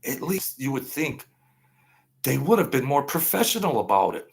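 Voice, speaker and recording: A man's voice: mid-range voice, sing-song, moderate pace, gravelly. A man hosting a livestream political rant, sarcastic and mocking, repeating his points. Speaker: political commentary host.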